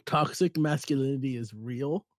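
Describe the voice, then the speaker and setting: A young man co-hosting a podcast in casual chat, telling animated stories, acting out quotes and swearing freely. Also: medium pitch, normal speed, dry recording, studio quality. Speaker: podcast co-host.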